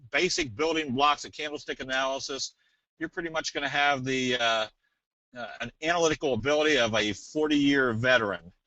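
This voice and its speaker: A man presenting a casual trading webinar, talking in a folksy, rambling way and slipping into a sales pitch. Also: bright, forceful tone, dry recording, lo-fi sound. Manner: folksy, rambling, tells jokes.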